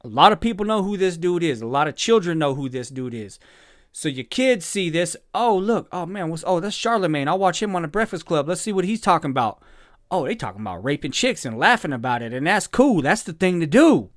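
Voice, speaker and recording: A man's voice: a little high, big pitch swings, brisk, a bit bright, dry recording, clean studio sound. A man giving angry reaction commentary, indignant and exasperated, swearing and then apologizing for his language. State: upset.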